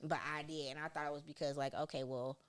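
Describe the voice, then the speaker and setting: A young woman hosting a casual podcast chat with her mother, talking in a lively, storytelling way and laughing often. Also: low-pitched, fast talker, clean tone. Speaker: podcast host.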